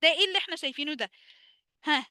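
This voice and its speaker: A woman's voice: high voice, animated, very fast, pushed and bright, no room sound, studio quality. An Egyptian woman teaching an online English lesson, switching between Arabic and English, quizzing her students with questions and answering them herself.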